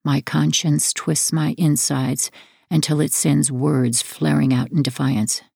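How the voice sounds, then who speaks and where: A woman narrating a first-person memoir audiobook in a measured, plain storytelling way. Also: sits low, flat delivery, vocal fry, a little mellow, breathy edge, dry recording, studio quality.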